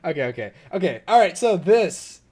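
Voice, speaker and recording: A man's voice: high-pitched, moderate pace. A young man co-hosting a podcast, telling stories in casual chat with lots of laughter. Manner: animated, laughing storyteller. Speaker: podcast co-host.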